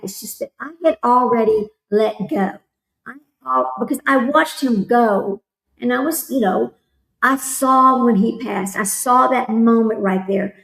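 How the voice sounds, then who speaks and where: A woman's voice: fairly high pitch, gravelly, roomy sound, rough recording. A woman hosting a casual livestream, rambling and talking straight to her viewers. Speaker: livestream host.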